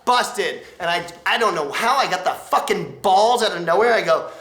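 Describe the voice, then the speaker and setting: Animated, bright-voiced man telling a wild story. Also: high voice, fairly quick. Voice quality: lively, acts out others' voices. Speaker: skateboarder recounting a road trip. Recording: echoey room with music behind.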